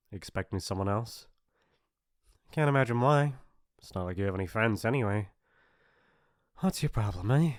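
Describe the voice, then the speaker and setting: A man's voice: medium pitch, a little mellow, no echo, studio quality, natural voice. A man voicing a mean, teasing popular bully in an ASMR role-play, mocking and laughing often. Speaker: voice actor.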